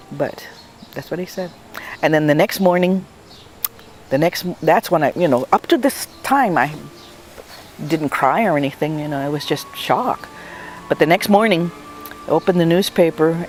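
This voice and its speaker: A woman's voice: sits low, lively intonation, a little slow, long pauses, a little mellow, soft background music. Older woman telling an emotional memory. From Guam. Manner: emotional, reflective, repeats words for emphasis. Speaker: oral history narrator. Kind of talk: personal storytelling.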